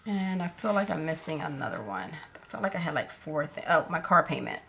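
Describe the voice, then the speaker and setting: A woman talking casually through her budget planner, unhurried and thinking aloud with fillers as she goes. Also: deep voice, big pitch swings, vocal fry, pushed and bright, slight background noise. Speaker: planner vlogger.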